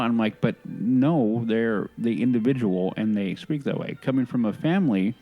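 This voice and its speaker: A man's voice: mid-range voice, muffled recording, faint music behind. A man co-hosting a podcast in casual chat, opinionated and earnest, often restarting his sentences. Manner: halting, many restarts and self-corrections. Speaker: podcast co-host.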